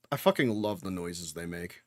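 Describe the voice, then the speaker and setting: A man's voice: low voice, pushed and bright, no room sound, studio quality. A young man giving casual reaction commentary while watching anime, talking back to the screen with jokes and swearing.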